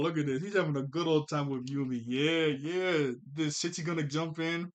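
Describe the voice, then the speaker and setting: A man's voice: on the high side, fairly quick, hardly any pauses. Man casually recapping a cartoon episode. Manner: laughs often while retelling scenes. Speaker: cartoon reviewer.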